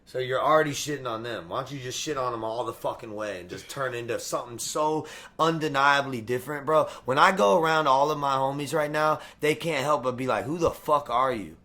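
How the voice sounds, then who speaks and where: A man's voice: mid-range voice, fairly quick, few pauses, bright, forceful tone. A man guest in a casual interview, hyped and profane, full of slang and swearing. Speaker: musician guest.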